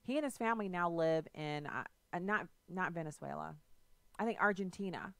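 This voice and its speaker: A woman with a low, smooth voice hosts a political talk radio show. She talks conversationally, drifting into stories with asides. The sound is dry and close. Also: a little fast, a bit bright, no echo.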